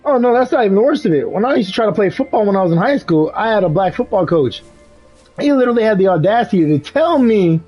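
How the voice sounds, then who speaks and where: Animated young man telling stories while gaming. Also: high-pitched, moderate pace, breathy edge, faint music behind, poor audio. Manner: animated storytelling, laughs often, swears, says "bro". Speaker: gaming streamer. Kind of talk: casual live-stream chat while gaming.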